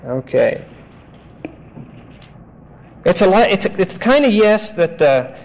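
Higher-voiced man preaching emphatically. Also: gravelly, a little mellow, low-quality recording. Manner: emphatic, explanatory, deliberate phrasing. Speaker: pastor. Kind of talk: expository Bible teaching sermon.

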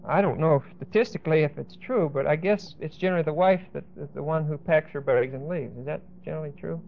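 A man with a fairly high voice leads a Bible class, explaining each point and pausing to check that the class is following. The recording is dull and muffled, with the top end rolled off. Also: creaky, a little hiss or hum. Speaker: Bible teacher.

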